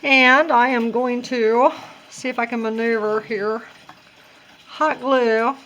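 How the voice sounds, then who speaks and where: A woman's voice: on the high side, fairly even intonation, slow, a bit bright, highs cut off, a little hiss or hum. A woman talking casually through a craft tutorial, chatty and self-deprecating as she works things out aloud. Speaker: crafting vlogger.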